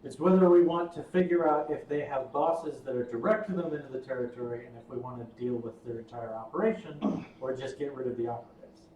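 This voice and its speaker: A man's voice: medium pitch, fairly quick, mellow, recorded from a distance, muffled recording. A man playing a tabletop game, asking many questions, stammering and laughing. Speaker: player. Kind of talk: casual tabletop game chat. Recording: echoey, off-mic, faint hum.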